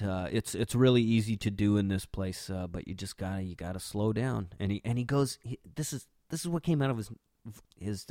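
A man's voice: fairly low pitch, dry recording, studio quality. A man in young adulthood, hosting a podcast and telling a rambling, casual story with laughs between phrases. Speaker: podcast host.

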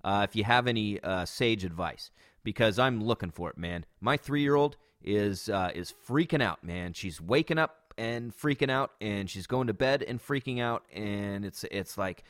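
A man's voice: fairly low pitch, moderate pace, a bit bright, no echo, studio quality. A man in his thirties hosting a podcast, talking casually with a lot of fillers, restarts and swearing. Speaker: podcast host. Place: backyard. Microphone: studio microphone with pop filter.

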